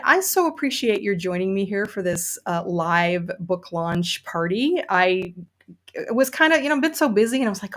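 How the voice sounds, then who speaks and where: A woman's voice: medium pitch, expressive, moderate pace, a bit bright. A woman hosting a casual livestream, chatty and enthusiastic, with many fillers. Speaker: podcast host and novelist.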